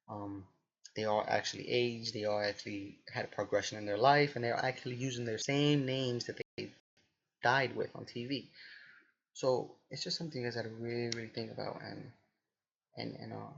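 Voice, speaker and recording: A man in his twenties rambling casually to his viewers, halting often with restarts and fillers. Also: mid-range voice, vocal fry, slightly rough, muffled recording. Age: 20s. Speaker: vlogger. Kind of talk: rambling casual monologue to camera.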